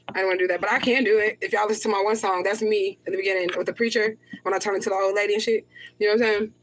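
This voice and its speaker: A woman livestreaming to her viewers, rambling and profane, reading comments aloud and flaring into anger. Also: medium pitch. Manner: repeats herself, flares up in anger. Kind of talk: emotional livestream talk to viewers.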